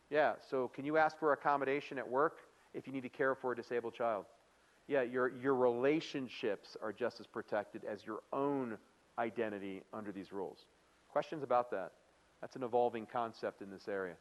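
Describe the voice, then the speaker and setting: A man's voice: medium pitch, fairly quick, dull audio. A man giving a live workplace training lecture, chatty and playful, often quizzing the audience with questions. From United States. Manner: playful, acts out quoted remarks.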